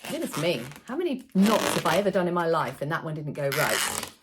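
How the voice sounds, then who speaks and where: A woman, a children's party entertainer explaining a party game in a playful, animated way. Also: low voice, brisk, background noise. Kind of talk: how-to video explanation.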